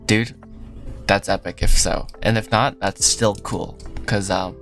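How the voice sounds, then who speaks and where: A man's voice: fairly low pitch, fairly even intonation, unhurried, creaky, fairly bright tone. A young man hosting a casual livestream, talking loosely while he works, rambling, trailing off and laughing often. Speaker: livestream host. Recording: faint lofi music behind.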